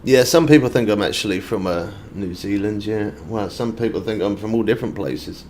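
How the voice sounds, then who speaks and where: A man's voice: lowish voice, fairly quick, darkish tone, a little hiss or hum. A British man from the UK streaming a fishing game, chatting casually and answering viewer comments as he plays. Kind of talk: casual live-stream chat.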